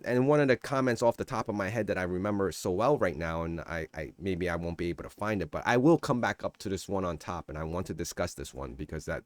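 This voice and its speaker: A man's voice: low-pitched, no echo. A man talking casually on his own vlog, rambling and getting worked up as he answers viewer comments. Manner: animated, rambling, defensive. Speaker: crypto YouTuber. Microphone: shotgun mic.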